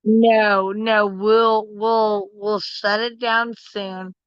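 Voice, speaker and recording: A woman joining her partner's live stream as a guest, speaking hesitantly with many halting restarts over dull, lo-fi call audio. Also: medium pitch, little pitch movement, clean tone, no echo. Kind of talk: casual live stream talk.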